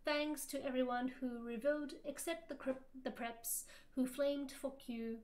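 A woman streamer reading fan fiction aloud for laughs, with theatrical, loud, overblown quotes. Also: high voice, steady tone, measured pace.

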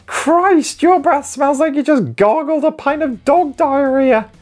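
A man voicing a one-eyed, foul-mouthed sock puppet that hurls rude insults in a squeaky voice. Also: a little slow, darkish tone. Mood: insulting. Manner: squeaky, abusive.

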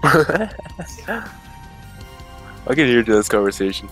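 A young man chatting casually with his team during a match, playful and thinking out loud as he laughs along. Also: mid-range voice, expressive, slow. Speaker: college esports player. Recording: game music behind the voice.

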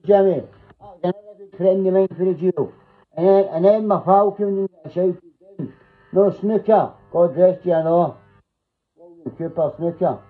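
High-voiced Scottish man, tinny phone sound. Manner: rambling, sweary, blunt. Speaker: livestream host. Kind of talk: casual rambling chat.

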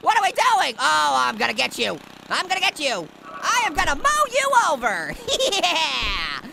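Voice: high-pitched, huge pitch swings, moderate pace, vocal fry, pushed and bright, slight background noise, heavily acted. A performer voicing a wisecracking, taunting talking orange in a web cartoon, punning and giggling as he plays games. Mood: excited. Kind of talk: web cartoon game commentary.

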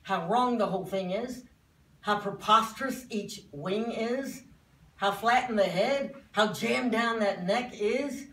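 Woman doing a fussy know-it-all young guy ranting, slow and theatrical, echoey room from afar. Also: mid-range voice, a bit bright, far from the mic. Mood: indignant. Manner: lecturing, exasperated, theatrical. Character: indignant young man, know-it-all bird expert. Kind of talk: dramatic poetry recitation.

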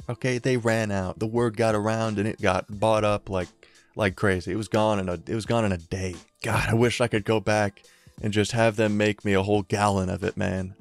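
A young man from Connecticut telling a casual, profane story in a storytime vlog, with laughter and drawn-out asides. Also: fairly low pitch. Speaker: vlogger.

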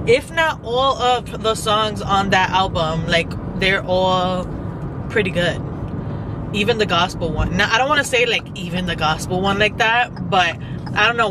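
A young woman vlogging from her car, chatting casually and rambling, swearing freely and saying "like" a lot. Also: lowish voice. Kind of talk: casual day-in-my-life chat. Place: in a car, driving. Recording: road noise from a moving car.

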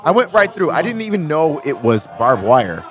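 Male co-host, animated storyteller, swears a lot, voice jumps up and down. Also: fairly high pitch, moderate pace. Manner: animated storyteller, swears freely, acts out quotes. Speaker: podcast co-host. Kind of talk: casual chat.

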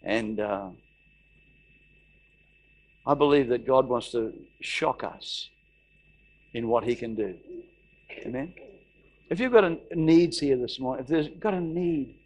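A man's voice: medium pitch, slow pace, pauses often. A middle-aged man preaching a sermon, telling a story and acting out the voices of the people in it. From Australia. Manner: animated, acts out quoted voices, repeats phrases. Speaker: pastor.

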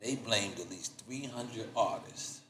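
A middle-aged man hosting a casual interview, asking emphatic questions in an animated way. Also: fairly low pitch, unhurried, background noise. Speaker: podcast host. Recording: roomy studio sound.

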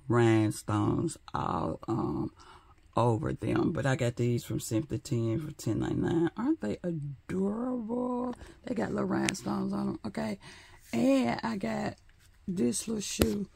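A man's voice: medium pitch, creaky, a little mellow, no room sound. A man chatting sassily and profanely to his phone while walking through a store at night. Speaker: vlogger. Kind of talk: casual vlog chat.

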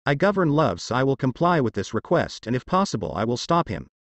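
Haughty love goddess, read by a dude, lively, dry sound. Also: male voice, medium pitch, fairly quick, no room sound. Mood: defiant. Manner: haughty, defiant. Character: proud defiant female goddess of love.

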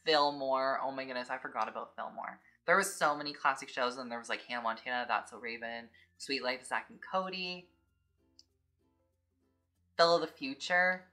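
A woman's voice: very deep voice, moderate pace, pushed and bright, soft background music. A young adult woman hosting a casual unboxing vlog, chatty and filling her speech with "like". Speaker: YouTube host.

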